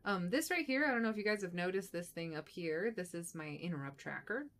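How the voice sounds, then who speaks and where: A woman streamer giving casual, excitable gameplay commentary, chatty and blunt, with some mild swearing. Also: lowish voice, brisk, slight background noise, poor audio. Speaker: game streamer.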